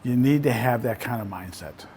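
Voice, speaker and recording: A man's voice: medium pitch, moderate pace, warm tone, a little hiss or hum. A man in the role of a real estate coach, giving a casual, conversational talk to a small group and often ending points with "right?". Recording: voice in a reverberant room.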